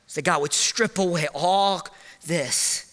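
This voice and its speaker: Impassioned high-voiced preacher in a hall. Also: male voice, unhurried. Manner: impassioned, climbing high and loud at emotional peaks, dropping soft and low; casual, self-deprecating asides with fillers. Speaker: pastor. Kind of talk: sermon.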